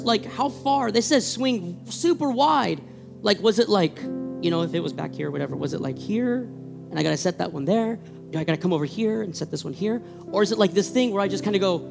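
High-voiced fervent male preacher. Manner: energetic, repeats words, rising to fervent peaks. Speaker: pastor. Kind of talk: sermon.

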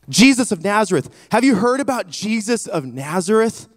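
High voiced preacher guy, fired up, calls out to the church, dry close sound. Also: animated, normal speed, no room sound. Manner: emphatic, calls out to the congregation. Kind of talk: sermon.

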